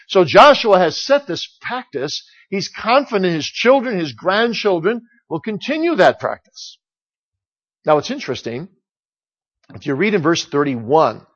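Middle-aged male pastor, high voice, emphatic sermon delivery, dull lo-fi recording. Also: animated. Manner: emphatic preaching, slowing down for scripture quotes.

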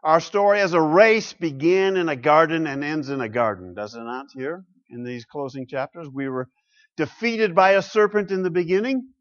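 Pastor preaching; man with a fairly high voice, dramatic shifts between loud and hushed, muffled recording. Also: moderate pace. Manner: rhetorical questions, swings from loud to hushed. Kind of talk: sermon. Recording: muffled lo-fi sound.

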